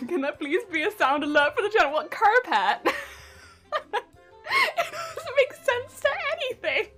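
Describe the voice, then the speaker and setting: A high-voiced woman chats casually to her live-stream audience while working on a cosplay prop. Her pitch swoops up and down as she giggles and reacts to chat. Soft music plays quietly behind her. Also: sing-song, measured pace. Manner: giggly, chatty, reading out chat. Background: soft background music.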